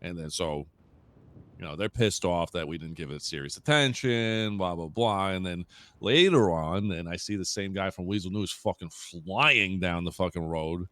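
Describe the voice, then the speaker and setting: A man's voice: sits low, normal speed, sharp tone, no room sound. A man casually role-playing a police officer, telling blunt, profanity-laced stories to his colleagues. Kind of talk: casual in-character roleplay chat.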